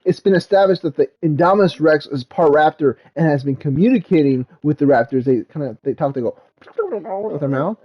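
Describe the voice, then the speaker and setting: A man's voice: on the high side, a little fast, highs cut off. A man talking casually as a dad vlogger, retelling a movie in a rambling way, full of fillers like "like" and "um.".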